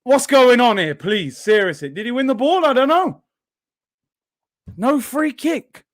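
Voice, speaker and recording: A young man hosting a live football watchalong, reacting loudly to the play and then talking himself back down. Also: very high-pitched, measured pace. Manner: excitable, shouts at big moments, then calms himself down. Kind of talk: live match watchalong commentary.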